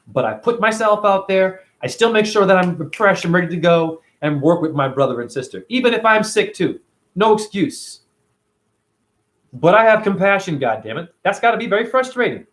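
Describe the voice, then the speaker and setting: A man's voice: sits high, fairly bright tone. A man hosting a casual livestream, talking animatedly and profanely and answering viewers by name. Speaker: livestream host reading chat.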